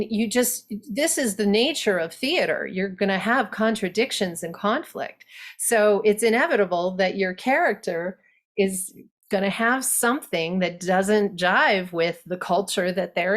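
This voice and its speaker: A woman dialect coach giving an online workshop lecture to actors, explaining and demonstrating accent sounds. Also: mid-range voice.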